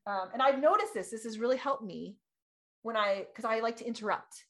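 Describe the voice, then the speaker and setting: A woman in her thirties chatting casually as a podcast co-host, animated and laughing, acting out quoted voices. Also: fairly high pitch, fairly quick. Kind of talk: casual chat.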